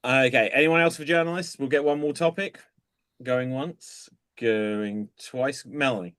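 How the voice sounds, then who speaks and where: A man's voice: medium pitch, fairly bright tone, clear, resonant tone, dry recording. A man hosting an improv comedy game on a video call, calling on players by name. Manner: brisk, calls on players by name. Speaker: improv host.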